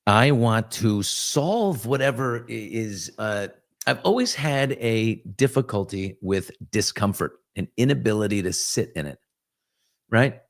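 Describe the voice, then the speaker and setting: A man's voice: fairly low pitch, animated, unhurried. A man in his fifties from New York, hosting a casual live chat and answering viewers, rambling and self-reflective with joking asides. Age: 50s. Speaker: host.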